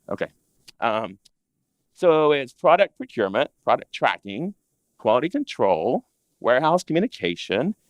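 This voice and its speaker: A man presenting to an audience of interior designers in a chatty, animated way, acting out what clients say. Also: medium pitch, no echo. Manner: animated, conversational, acts out clients' complaints. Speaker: interior design business educator. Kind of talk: live presentation to a seated audience.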